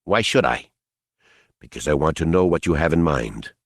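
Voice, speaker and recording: A man's voice: very deep voice, animated, normal speed, dry recording, clean studio sound, pitched below the performer's own voice, exaggerated voice. A male narrator voicing a bitter, angry young jungle guide in an audiobook.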